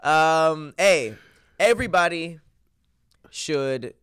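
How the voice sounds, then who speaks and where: A man's voice: fairly high pitch, lively intonation, extremely slow, fairly bright tone, clear, resonant tone, no room sound, clean studio sound. A man co-hosting a comedy podcast, joking playfully and laughing a lot. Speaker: podcast co-host. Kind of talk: casual comedic chat.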